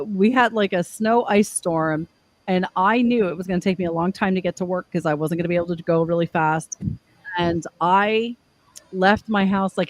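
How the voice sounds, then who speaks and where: A woman's voice: medium pitch, dry recording, low-quality recording. A woman hosting a live podcast, telling stories in a frank, profane way. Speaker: podcast host. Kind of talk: casual chat.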